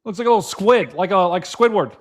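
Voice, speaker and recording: Excitable high-voiced young man hosting. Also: fast. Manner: excitable, exclaims and laughs often. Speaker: livestream weather show host. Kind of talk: casual livestream chat.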